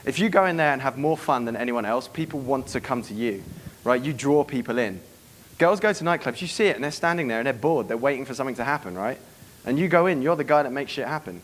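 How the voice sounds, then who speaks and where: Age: adult. Sex: man. Pace: fast. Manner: brisk, swearing. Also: mid-range voice, animated, slight background noise. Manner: brisk, swearing, acts out club scenes. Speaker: dating coach giving a seminar. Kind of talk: live seminar talk to an audience. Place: room with a live audience.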